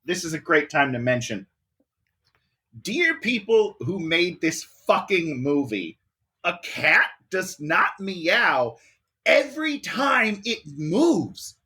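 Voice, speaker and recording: Bright exasperated ranting co-host. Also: medium pitch, sing-song, takes it slowly. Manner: exasperated ranting, swears often. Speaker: podcast co-host. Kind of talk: casual movie review chat.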